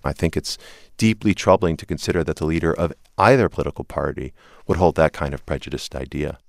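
A man with an extremely low, deep voice gives earnest, measured answers in a broadcast interview. The sound is dry and close, with no room around it. He often sets up his points with a firm "look.". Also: gravelly, no echo. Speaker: interview guest, civil rights group leader.

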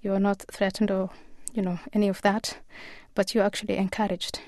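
Earnest woman speaking in a flat, even tone. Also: mid-range voice, no echo, studio quality. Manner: earnest, measured, with frequent pauses and fillers. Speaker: author and guest. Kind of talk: radio interview answers.

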